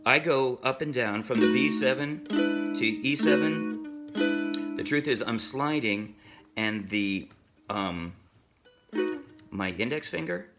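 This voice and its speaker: A man teaching a ukulele song in a relaxed, chatty way, breaking off now and then to sing a line. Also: on the low side. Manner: chatty, self-interrupting, sings snatches while strumming. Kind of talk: casual music tutorial. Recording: ukulele strumming under the voice. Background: ukulele playing.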